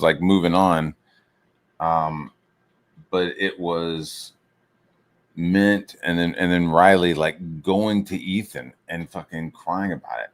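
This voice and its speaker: A man streaming while he draws, talking in a casual, rambling rant full of swearing and filler words. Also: deep voice. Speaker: streamer and comic artist.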